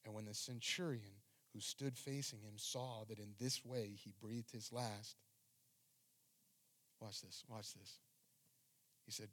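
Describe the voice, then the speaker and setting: A man's voice: on the low side, steady tone, takes it slowly, pauses often, a bit bright. A man preaching a sermon as pastor, reading scripture and speaking with fervent emphasis.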